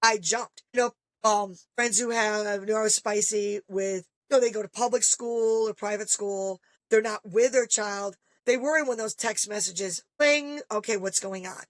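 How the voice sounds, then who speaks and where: Here a guest parent, a middle-aged woman, tells stories on a podcast in a casual, lively way, performing the voices of the people she quotes. She speaks at a measured pace in a medium pitch, with no echo in the sound.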